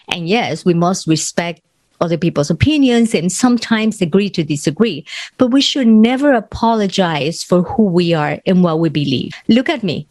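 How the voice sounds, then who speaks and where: A woman's voice: lowish voice, darkish tone, dry recording. Spanish-accented woman hosting a motivational podcast. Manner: earnest, encouraging, non-native grammar. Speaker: podcast host.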